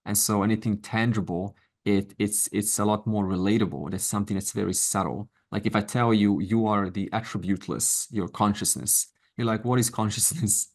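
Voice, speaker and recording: A middle-aged man teaches an online Vedanta class in an informal, conversational, and encouraging way, adding asides and voicing quotes. His voice is fairly low and darkish, with fairly even intonation, a moderate pace, and hardly any pauses.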